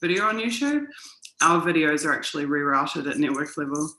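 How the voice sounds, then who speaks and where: A woman co-hosting a casual livestream and explaining things in a quick, chatty way. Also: low-pitched, expressive, sharp tone, reverberant, rough recording. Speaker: co-host.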